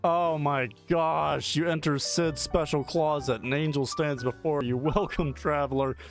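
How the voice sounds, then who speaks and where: A man's voice: on the high side, fairly even intonation, unhurried, vocal fry, faint music behind. A male streamer playfully reading a text adventure game aloud, often laughing.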